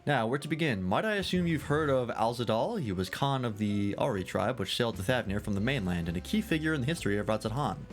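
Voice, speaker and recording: A man's voice: medium pitch, animated, fast, few pauses, faint music behind, natural voice. A man reading game dialogue aloud in character, voicing a jovial, long-winded male scholar fond of drink, in a grandiloquent, theatrical storytelling manner.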